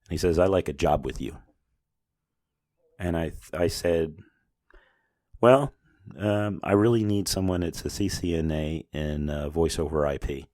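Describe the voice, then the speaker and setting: Middle-aged male podcast host, very low voice, chatty anecdotal storyteller who plays both sides of the talk. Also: normal speed, mellow, no room sound, studio quality. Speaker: business owner hosting a podcast. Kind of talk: casual storytelling monologue.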